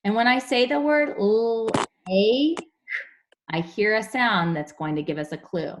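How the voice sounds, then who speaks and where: A young woman teaching a phonics lesson to young children over a video call, explaining slowly and clearly. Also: medium pitch, noisy background. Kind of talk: online class phonics lesson.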